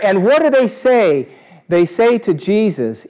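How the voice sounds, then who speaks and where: A man preaching a sermon to a live congregation, animated and asking them questions. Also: high-pitched, a little slow. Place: church service before a congregation.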